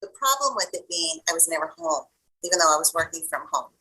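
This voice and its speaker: Bright, husky-voiced woman telling a story. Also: low voice, fast, low-quality recording. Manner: animated, acts out the voices of people in her stories. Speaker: guest coach. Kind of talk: personal storytelling in an interview.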